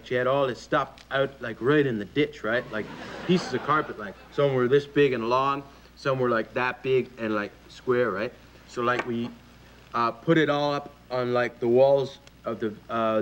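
A man's voice: mid-range voice, a bit bright. A man hosting a comedy sketch. He rambles in a dopey way and says "like" and "eh" constantly. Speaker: sketch comedy show host. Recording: dull lo-fi TV audio with faint hiss.

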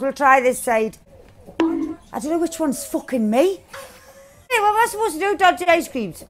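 A woman giving loud, excitable gameplay commentary, swearing freely, shouting and laughing. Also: high voice, background noise. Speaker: gaming channel host.

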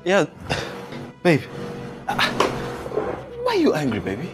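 A fawning young fan, voice leaps up and down, music audible behind. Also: male voice, on the high side, unhurried. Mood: apologetic. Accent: Nigerian. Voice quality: excitable, fawning. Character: eager young boyfriend, starstruck and apologetic. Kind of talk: Nollywood film acting. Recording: background music.

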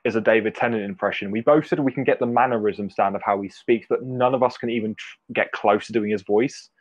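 A young man in his twenties telling stories in an animated way, full of restarts and laughter. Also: on the low side, dry recording, dull audio. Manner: animated storyteller, halting restarts. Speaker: podcast co-host. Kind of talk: casual chat.

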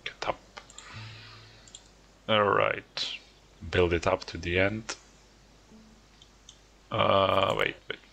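A man's voice: sits low, steady tone, very slow, vocal fry, long pauses, bright, forceful tone. A man casually commentating his own gameplay, coaxing and teasing the characters on screen. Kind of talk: casual let's-play commentary. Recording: game music behind the voice. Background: game music.

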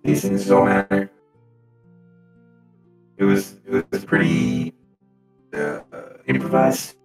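Low-voiced male player, rambling recap, music behind. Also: fairly even intonation, takes it slowly, gravelly, poor audio. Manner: reads from notes, rambling, stumbling restarts. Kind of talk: casual recap of a tabletop game.

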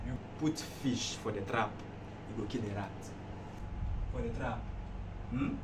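In a comedy skit, a man with a Nigerian accent plays a patient friend who gives advice and keeps repeating himself. His voice is lowish, unhurried and natural. The room echoes, the mic is far off, and background noise is loud.

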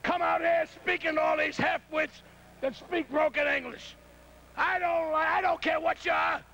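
A brash wrestling manager taunts and shouts through his promo. His voice sits very high with a gravelly edge. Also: fairly even intonation, measured pace, muffled recording.

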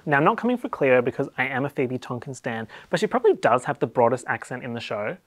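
A man's voice: mid-range voice, sing-song, fast talker, no room sound. An Australian man hosting a comedic explainer video, talking in a playful, wry and sarcastic way. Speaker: YouTube host.

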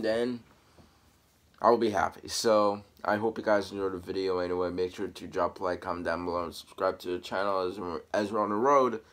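A young man with a fairly low voice rambles casually as the host of a reaction video. His talk is plain and unpolished, with restarts between thoughts.

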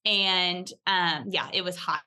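A woman's voice: lowish voice, fairly even intonation, takes it slowly, sharp tone. A young woman telling a personal story in a casual, chatty way, full of "like" and acted-out quotes. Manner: chatty, fills talk with "like", acts out quoted voices. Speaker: podcast guest.

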